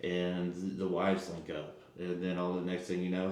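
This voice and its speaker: Man, deep voice, lively storytelling, heavy room echo. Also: normal speed, a little hiss or hum. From Texas. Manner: animated, acts out quotes, stumbles and restarts. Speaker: podcast guest. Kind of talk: casual storytelling. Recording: very echoey room.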